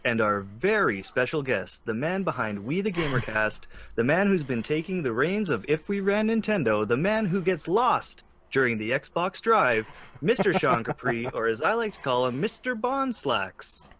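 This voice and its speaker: A man's voice: medium pitch, sing-song, normal speed, a bit bright, slight background noise. A man co-hosting a casual gaming podcast, teasing his guest and laughing often. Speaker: podcast co-host.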